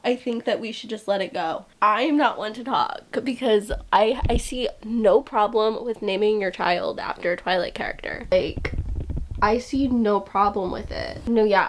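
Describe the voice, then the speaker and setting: A young adult woman chatting casually in a book vlog, gushing and excitable and saying "like" a lot. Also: medium pitch. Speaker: book vlogger. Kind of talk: casual reading vlog chat.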